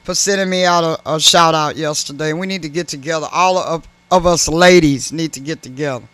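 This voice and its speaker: A woman's voice: deep voice, brisk, fairly bright tone, no room sound. An older woman co-hosting a radio show, sassy and playful, with preachy asides in casual banter. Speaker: radio co-host. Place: radio studio.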